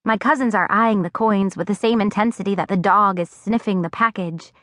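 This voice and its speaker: A woman narrating a first-person audiobook in an expressive storytelling voice, recorded on a close studio mic. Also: medium pitch, a little fast, no echo. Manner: expressive, acting out dialogue.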